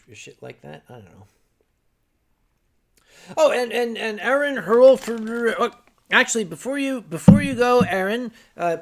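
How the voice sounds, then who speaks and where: Older male stream host, unhurried and rambling, gravelly tone, lively swoops in pitch. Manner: rambling, wry, with frequent fillers and restarts. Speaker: livestream host. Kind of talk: casual chat reading viewer comments.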